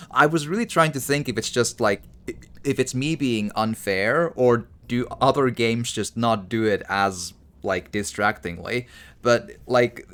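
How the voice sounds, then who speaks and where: A man commenting casually while playing a game, rambling and stammering through a rant. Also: mid-range voice. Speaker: gaming streamer. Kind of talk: casual let's-play commentary.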